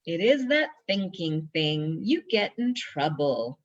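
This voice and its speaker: Lady reading out a spiritual teacher's lines, low voice, bit emphatic, dull lo-fi sound. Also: sing-song, slow, heavily acted. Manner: read aloud from a workbook, lightly emphatic. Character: spiritual teacher guiding a student. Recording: dull lo-fi recording.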